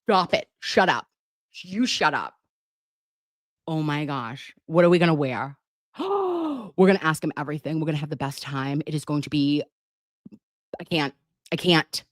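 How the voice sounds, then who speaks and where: A woman with a low voice chats to her livestream viewers in a gushing, dramatic way. A sore tongue gives her a slight lisp. The sound is dry and close. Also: very animated, measured pace, long pauses, no echo. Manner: gushing, chatty and dramatic, reads viewer comments. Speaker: livestream host. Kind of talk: casual livestream chat.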